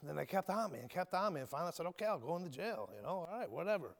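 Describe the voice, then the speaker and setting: A high-pitched man preaches a sermon with his testimony, swinging from ringing shouts down to low near-whispers. He talks in a folksy way, calling listeners "brother" and "my friend." His voice rings out with a long reverb in a church hall. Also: very animated, very fast. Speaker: preacher, ex-convict prison minister.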